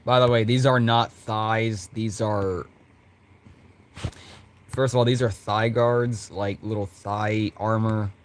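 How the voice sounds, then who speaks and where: Giggly, rambling man with a low voice. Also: steady tone, slow. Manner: giggly, rambling, lots of restarts. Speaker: content creator. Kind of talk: rambling fan talk about characters.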